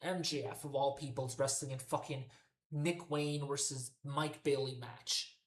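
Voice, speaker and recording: A man with a mid-range voice and fairly even intonation speaks unhurriedly in an echoey, roomy recording. He hosts a wrestling commentary podcast, ranting in exasperation and swearing constantly.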